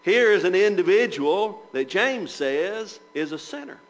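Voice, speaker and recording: Guy preaching bible class, kinda high voice, lots of rhetorical questions. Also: expressive, unhurried, poor audio. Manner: asks rhetorical questions, reads scripture in old wording. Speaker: preacher teaching church members.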